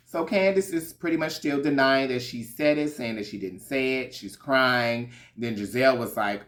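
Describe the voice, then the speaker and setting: Male recap vlogger, sassy and gossipy, casual swearing, mid-pitched voice. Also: normal speed, a bit bright. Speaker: reality show recap vlogger.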